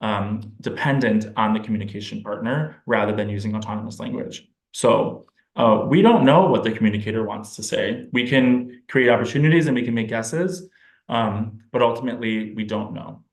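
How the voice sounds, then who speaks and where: A man's voice: on the low side, normal speed. A man, a speech-language pathologist, giving an informal, explanatory presentation to parents and thinking aloud as he goes. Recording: roomy echo.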